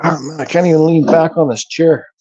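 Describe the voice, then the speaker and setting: A man with a fairly high but mellow voice talks loosely through a livestream, greeting viewers and reading their comments aloud. His speech is relaxed and a bit mumbled, and the sound is slightly dull and lo-fi. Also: fairly quick, husky. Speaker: livestream host. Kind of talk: casual livestream chat.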